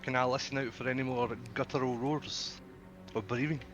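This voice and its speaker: A man's voice: mid-range voice, steady tone, moderate pace, highs cut off, over music. Casual man player on a voice call. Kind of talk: casual chat during a tabletop game.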